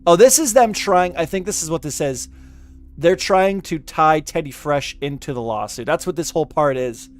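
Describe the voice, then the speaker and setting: A man's voice: on the high side, animated, normal speed. A man giving casual reaction commentary, reading out legal text with exasperation, stumbling and swearing. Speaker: commentary YouTuber. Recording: music playing behind the voice.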